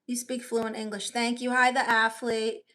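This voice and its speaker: A woman's voice: a little high, flat delivery, pushed and bright. A woman in her thirties from Florida, chatting casually on a phone livestream as she reads out viewer comments. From Florida, USA. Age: 30s. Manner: playful, quick, giggly replies. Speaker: comedian and streamer.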